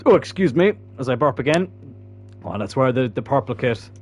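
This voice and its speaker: A man's voice: mid-range voice, lively intonation, normal speed. A man giving casual, chatty commentary while playing a football video game, swearing freely. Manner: chatty, swearing, bursts into loud laughter. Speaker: gaming YouTuber.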